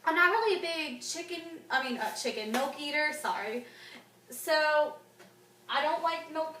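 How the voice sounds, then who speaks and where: A woman's voice: sits high, lively intonation, measured pace, pushed and bright, reverberant, far from the mic, slight background noise, low-quality recording. A woman in her twenties talking openly and emotionally to the camera in a casual vlog, with many fillers. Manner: open, emotional, chatty with fillers like "like" and "um". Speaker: fitness vlogger.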